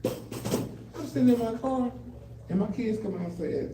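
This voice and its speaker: This older man's high voice is animated, his pace measured, with background noise present as he does stand-up comedy. At an adult day center, indoors and in front of a live audience, he recounts family stories and imitates kids and himself. Sound comes from a distant mic in a roomy live room, with the crowd laughing.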